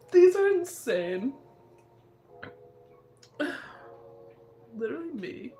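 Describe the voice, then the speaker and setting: A woman's voice: on the high side, sing-song, slow pace, long pauses, fairly bright tone. A young woman hosting a casual livestream, laughing constantly and squealing her reactions. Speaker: livestream host.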